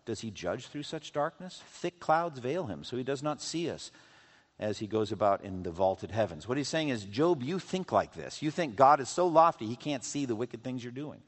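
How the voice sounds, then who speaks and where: A man preaching a sermon at a middle pitch, his voice carried through a large hall with a long echo. He reads scripture aloud with emphasis and presses his listeners with questions. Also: sing-song, moderate pace. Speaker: pastor. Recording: reverberant hall, voice from a distance.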